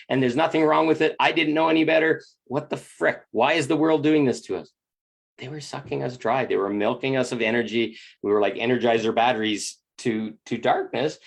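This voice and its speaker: Gravelly man giving earnest spiritual talk. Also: medium pitch. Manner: earnest, animated, acts out quoted inner voices. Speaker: spiritual teacher.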